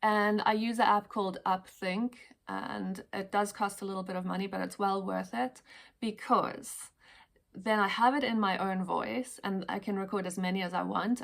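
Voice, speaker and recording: A woman talking casually and gently to camera about self-help habits, chatty and full of fillers and repetitions. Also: medium pitch, fairly even intonation, moderate pace, creaky. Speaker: wellness vlogger. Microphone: headphones on.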